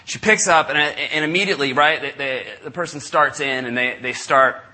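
A middle-aged man preaching, telling a story with lively asides and acting out the people in it. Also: a little high, normal speed. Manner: animated, acts out callers in raised voices. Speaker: pastor. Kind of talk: sermon storytelling. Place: church service.

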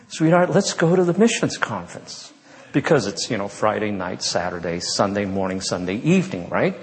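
Man telling a lively story in a hall. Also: mid-range voice. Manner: animated, humorous, conversational. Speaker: speaker. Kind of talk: storytelling talk. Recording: reverberant hall.

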